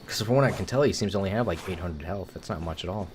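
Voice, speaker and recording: A man's voice: low voice, very fast, background noise. A young American man casually commentating his gameplay, rambling and swearing freely. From United States. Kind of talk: casual let's-play commentary. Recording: game music playing clearly behind.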